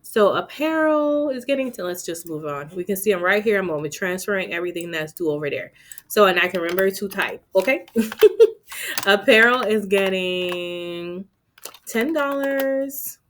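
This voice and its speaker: A woman's voice: medium pitch, lively intonation, moderate pace, fairly bright tone, slight background noise. Woman vlogger, casual self-talk, playful asides, keyboard typing behind. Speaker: budgeting vlogger. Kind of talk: casual talk-through of budgeting.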